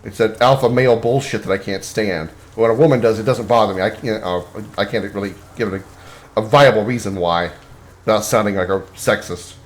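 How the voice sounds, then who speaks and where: Here's a fairly low-pitched, brisk male voice from a game stream. The talk is loose and rambling, with frequent restarts and fillers.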